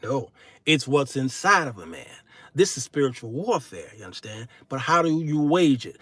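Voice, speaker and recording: A middle-aged man hosting his own show in a solo monologue, turning from preachy sermonizing to folksy comic storytelling with shouted punchlines. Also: fairly high pitch, animated, moderate pace, no room sound, clean studio sound. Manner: folksy, casual speech. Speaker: show host.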